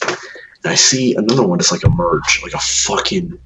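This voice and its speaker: A man's voice: deep voice, normal speed, noisy background. A man co-hosting a podcast, telling rambling, profanity-laced stories in casual chat. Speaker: podcast co-host.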